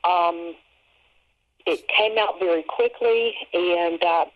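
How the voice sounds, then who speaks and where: A woman's voice: lowish voice, takes it slowly. A middle-aged woman, a guest author on a radio interview, giving an earnest testimony of faith. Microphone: telephone. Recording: tinny phone line.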